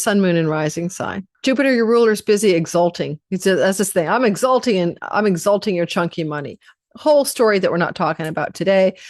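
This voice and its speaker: A woman's voice: fairly low pitch, no echo, studio quality. A woman astrologer giving a casual, rambling forecast, chatty and prone to digressions.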